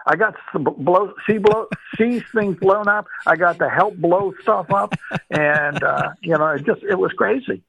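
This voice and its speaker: Heard through tinny, dry, phone-like audio with a little hiss or hum, an elderly retired man from Boston recalls his life in an oral history interview. He talks at a measured pace in a high-pitched voice with vocal fry. His storytelling is warm and meandering, thick with fillers and restarts.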